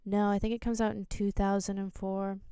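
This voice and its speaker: A woman's voice: medium pitch, little pitch movement, brisk, dark tone, clean tone, dry recording. A young woman on a phone mic indoors, casually explaining a game theory with rambling, self-correcting jokey asides. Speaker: video essay host.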